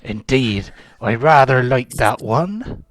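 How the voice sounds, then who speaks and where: A man's voice: medium pitch, animated, slow, no room sound. A man, the game master, voicing a kneeless old male pirate sea dog who philosophises in a growling pirate voice. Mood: musing. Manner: growling pirate voice with "arr" and "there be".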